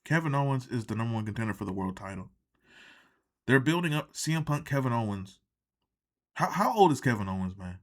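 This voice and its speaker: A man's voice: medium pitch, very animated, brisk, long pauses. A man reviewing a wrestling show in a profane, indignant reaction rant. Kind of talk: ranting reaction commentary.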